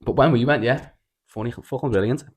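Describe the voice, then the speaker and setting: A man's voice: mid-range voice, a little fast, husky. A Scouse man co-hosting a podcast, telling rambling, sweary stories with plenty of stammered restarts. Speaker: podcast co-host. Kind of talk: casual storytelling chat.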